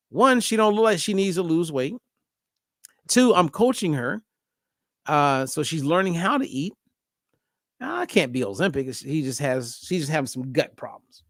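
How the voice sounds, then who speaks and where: A man with a fairly high speaking voice tells a story in a casual podcast chat. He talks as a diet coach and acts out both sides of a phone call with animated energy. The recording is dry and close, with no room sound. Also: moderate pace, dry recording.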